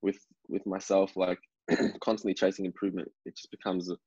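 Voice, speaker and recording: Husky low-voiced man, reflective chat. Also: little pitch movement, fairly quick, warm tone, dry recording, dull audio. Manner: reflective, motivational, repeats words while thinking. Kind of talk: casual podcast chat.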